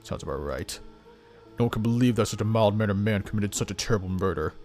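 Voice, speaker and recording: A man's voice: lowish voice, fast, a little mellow, faint music behind, natural voice. A man playing a weary, stern police boss of about sixty in a game, grumbling and dismissive. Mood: gruff.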